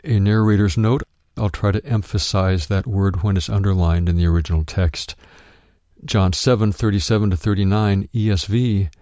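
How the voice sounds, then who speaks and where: A man narrating a written Bible teaching, reading it out in a measured way and calling out verse references. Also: lowish voice, fairly even intonation, warm tone, no echo, studio quality.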